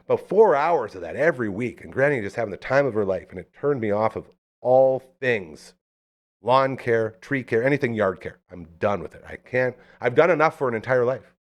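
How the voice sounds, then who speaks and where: A man hosting a casual live talk show, lively and joking as he hypes up his guests. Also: medium pitch. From Canada. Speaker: host.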